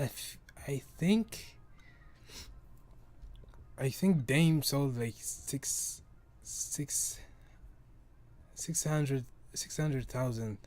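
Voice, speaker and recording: A man's voice: mid-range voice, dark tone. A man from Africa hosting a casual solo podcast, rambling and swearing freely, with frequent stumbles and restarts. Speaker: podcast host.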